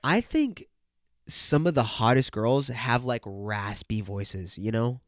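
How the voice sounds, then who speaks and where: A man's voice: lowish voice, unhurried, no echo, studio quality. A young man hosting a solo podcast, congested and nasal, rambling and joking with lots of swearing. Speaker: podcast host. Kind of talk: casual solo podcast chat. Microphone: podcast microphone.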